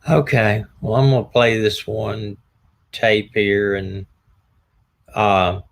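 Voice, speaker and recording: A man's voice: fairly low pitch, slow, creaky. A man hosting a casual live stream, rambling and folksy. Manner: rambling, unprepared, folksy sign-offs. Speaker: live-stream host, retired detective.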